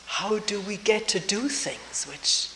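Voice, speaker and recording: A woman's voice: medium pitch, animated, creaky. Older woman, reflective talk on hissy tape. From Germany. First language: German. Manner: slow, thoughtful, pausing, soft laughs. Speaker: retreat teacher. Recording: roomy old tape with hiss.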